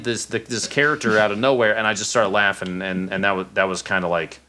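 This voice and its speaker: A man in his thirties, a podcast guest telling casual stories, animated, with many restarts. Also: on the low side, fast, few pauses. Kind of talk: casual storytelling.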